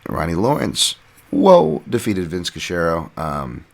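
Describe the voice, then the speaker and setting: A man's voice: rumbling low, lively intonation, normal speed, gravelly, a bit bright. A man hosting a podcast, casually recapping fights in a rambling, self-deprecating way with lots of fillers. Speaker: podcast host and fight analyst.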